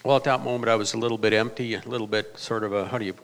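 A pastor in his fifties telling a personal testimony in a halting, reflective way, often restarting his sentences. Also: lowish voice, fairly even intonation, fairly bright tone. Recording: reverberant hall.

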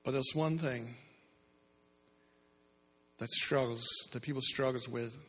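A man's voice: medium pitch, fairly even intonation, takes it slowly, a bit bright, breathy edge. A male preacher giving a sermon, asking the congregation questions and building in bursts, heard in a church hall. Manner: asks the crowd "how many" questions, builds in bursts. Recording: echoey hall.

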